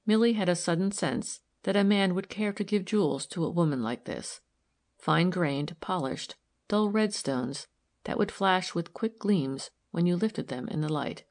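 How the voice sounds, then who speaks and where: A woman narrating a novel aloud in a calm, even storytelling manner. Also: lowish voice, normal speed. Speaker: audiobook narrator.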